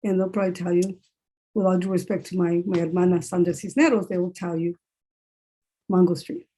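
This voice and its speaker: A woman's voice: on the low side, steady tone, a little fast, mellow. A woman who is a writer and English professor, talking candidly in a panel discussion over a video call and repeating phrases for emphasis.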